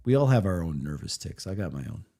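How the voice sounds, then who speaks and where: Low, mellow-voiced man giving live critique. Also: big pitch swings, fast talker. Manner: rambling and critical, with many restarts. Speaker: streamer reacting to a game session. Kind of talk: live reaction commentary.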